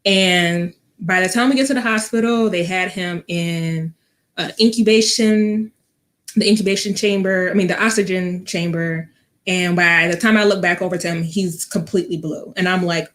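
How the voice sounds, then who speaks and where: A young woman who works as a vet tech tells a personal story as a guest in a casual interview. Her voice sits on the low side and sounds fairly bright, and she speaks unhurriedly, using plenty of ums and other fillers while acting out quoted speech.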